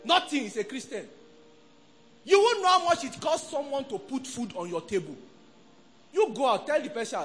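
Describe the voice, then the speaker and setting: A man's voice: very high-pitched, normal speed, pauses often, soft background music. A middle-aged man with a Nigerian accent, preaching a sermon and leading call-and-response with his congregation. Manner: animated, call-and-response preaching, acts out quoted voices. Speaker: pastor.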